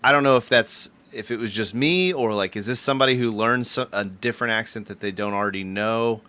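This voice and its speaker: A man with a lowish voice that comes across bright and crisp, leading a relaxed movie chat. He works through notes he wrote beforehand, easygoing and conversational. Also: a little fast. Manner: reads out his own notes, easygoing. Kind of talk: casual movie discussion.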